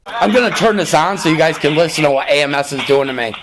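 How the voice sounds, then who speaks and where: A man's voice: on the high side, lively intonation, brisk, noisy background. A man hosting his own vlog, talking casually to viewers about a truck engine build and ranting in frustration. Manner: frustrated, ranting, keeps saying "you guys".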